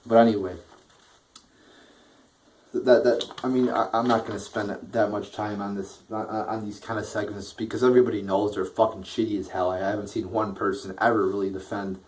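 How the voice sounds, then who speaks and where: A man's voice: on the low side, level tone, brisk, a little mellow, slight background noise, poor audio. A man giving a casual, profane review, blunt and rambling, with a bored, dismissive tone. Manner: blunt, crude, rambling with frequent swearing. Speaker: wrestling show reviewer.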